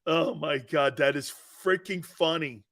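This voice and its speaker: A man hosting a sports talk show, joking loudly and laughing often as he riffs on football. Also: a little high, unhurried, gravelly. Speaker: sports radio host.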